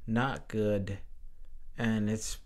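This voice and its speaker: A man speaking as a podcast guest, talking in a loose, animated way, full of "like" and casual swearing. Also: lowish voice, extremely slow. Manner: animated, heavy use of "like", swears freely. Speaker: guest, Air Force veteran.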